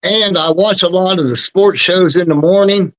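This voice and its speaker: A man's voice: high-pitched, moderate pace, fairly bright tone, no echo, dull audio. A man co-hosting a casual sports chat, answering in short, laid-back remarks. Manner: brief, laid-back replies. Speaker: co-host.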